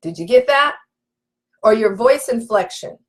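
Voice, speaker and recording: A woman's voice: on the high side, expressive, measured pace, poor audio. Emphatic woman coaching a live stream audience. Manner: emphatic and preachy, repeats key points, calls to viewers. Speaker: relationship coach. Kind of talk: live-stream teaching, reading viewer comments.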